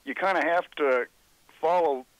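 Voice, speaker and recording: A man from Oklahoma calling in to a radio show, plainspoken and steady. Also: a little high, moderate pace, dry recording. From Oklahoma, USA. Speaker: caller. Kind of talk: phone-in radio call. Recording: dull lo-fi phone line, dry.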